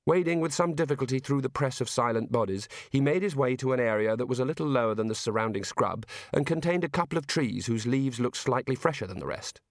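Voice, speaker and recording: A man reading a novel aloud as an audiobook narrator, in measured storytelling. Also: mid-range voice, dry recording, clean studio sound. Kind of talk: scripted narration.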